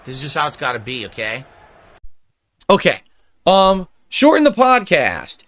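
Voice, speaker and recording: A middle-aged man streaming live, reading out viewer suggestions and tearing into them with an irritated, mocking rant. His voice sits a bit high for a man, with a bright, tense edge. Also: huge pitch swings, measured pace, a little hiss or hum. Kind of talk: livestream commentary.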